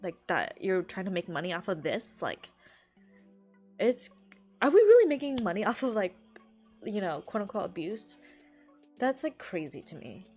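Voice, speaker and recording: A woman's voice: mid-range voice, big pitch swings, normal speed, pauses often, darkish tone, faint music behind. A young woman from California chatting casually on a live stream, rambling, laughing often and filling her talk with "like".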